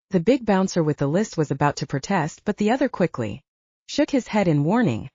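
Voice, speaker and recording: A woman narrating an audiobook, her voice low-set and mellow, with lively, swinging inflection. The recording is dry and close, with a slightly dull top end. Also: a little fast, husky, dry recording. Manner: expressive storytelling. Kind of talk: scripted narration.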